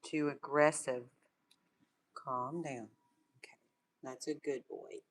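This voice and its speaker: A woman's voice: extremely low pitch, slow. A woman talking casually to a litter of puppies and soothing them, with puppies scuffling behind her. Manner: soothing, coaxing puppies to calm down. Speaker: puppy breeder filming her litter. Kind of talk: casual talk to puppies and viewers. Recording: noisy room with puppy sounds. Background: puppies yapping and scuffling.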